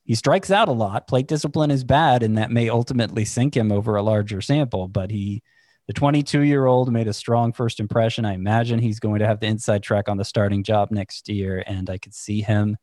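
A man's voice: medium pitch, darkish tone, dry recording, studio quality. A man analyzing fantasy baseball in casual podcast chat, thinking aloud and correcting himself as he goes. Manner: thinking aloud, restarts, second-guesses himself.

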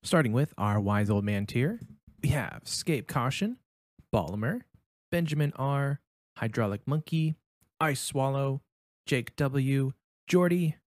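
An easygoing male podcast co-host who gives friendly advice and laughs easily. His middle-pitched voice sounds close and dry, with no room behind it. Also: lively intonation, slow, no room sound. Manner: easygoing, advising, laughs often. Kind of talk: casual chat and show sign-off.

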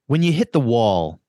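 A man co-hosting a podcast in casual chat, talking haltingly and repeating words as he searches for a thought. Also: medium pitch, dark tone, no echo, studio quality. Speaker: podcast co-host.

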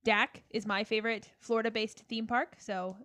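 A woman's voice: fairly high pitch, fairly even intonation, normal speed, pushed and bright, no echo, studio quality. A young woman in her twenties hosting a casual chat, bubbly and enthusiastic. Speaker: host.

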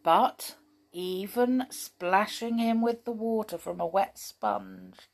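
Slow, expressive woman reading a children's story. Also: medium pitch. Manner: gentle, expressive, chatty asides.

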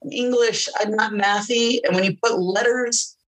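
A middle-aged woman talking casually in an interview, animated and self-mocking. She laughs often and slips into quoted voices as she tells a story. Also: on the high side, normal speed, rough recording. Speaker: interview guest, wrestling announcer. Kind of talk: casual chat.

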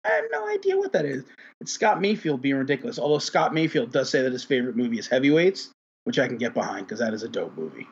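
A man's voice: medium pitch, huge pitch swings, quick pace, slightly rough, muffled recording. A man hosting a podcast in casual chat, rambling with lots of fillers and cursing freely. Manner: rambling, heavy on fillers, profane. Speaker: podcast host.

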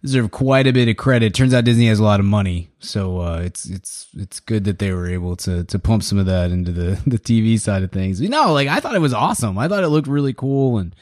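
A man with a lower voice talks casually on a podcast. He is relaxed and measured, with a dry, close sound. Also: no echo. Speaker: podcast co-host. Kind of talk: casual chat about movies.

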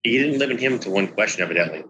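A low-pitched man co-hosting a podcast, posing questions and thinking them through. His deep voice still carries a bright, forward tone. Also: lively intonation, racing, muffled recording, a little hiss or hum. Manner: questioning, thoughtful. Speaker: podcast co-host. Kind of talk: casual podcast chat.

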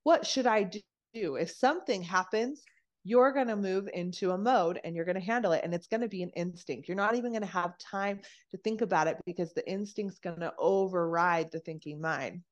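A woman with a lowish voice speaks briskly as a podcast guest, explaining nervous system regulation in casual conversation. She's animated, swears freely, and acts out the voices she quotes.

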